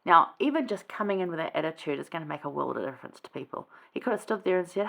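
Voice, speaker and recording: A woman's voice: fairly low pitch, expressive, quick pace, creaky. A woman hosting a casual scripture study, chatty and rambling, with many fillers and asides.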